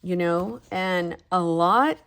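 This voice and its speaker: A woman in her thirties talks through her planner setup in a loose, rambling way. Her voice sits fairly low, and she is frank about her struggles and drops a casual swear here and there. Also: slow, vocal fry, fairly bright tone, clean tone. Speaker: planner vlogger. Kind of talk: casual chat about journaling.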